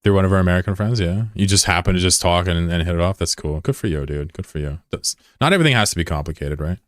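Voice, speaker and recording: A low-pitched man talks quickly while streaming a game, chatting casually with his viewers in a rambling, curious way, full of fillers and swearing. The sound is clean studio quality with no echo.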